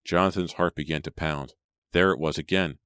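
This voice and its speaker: A man reading a horror story aloud as an audiobook narrator, in a measured storytelling manner. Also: very deep voice, fairly even intonation, a bit bright, clean tone, dry recording, studio quality. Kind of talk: scripted narration.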